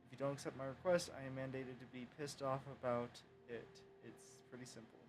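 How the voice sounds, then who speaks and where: A man's voice: mid-range voice, fairly even intonation, brisk, slight background noise, low-quality recording. A man streaming a game and reading its dialogue and journal entries aloud himself. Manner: reads all game text in his own voice, with bursts of loud exclamation. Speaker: gameplay streamer.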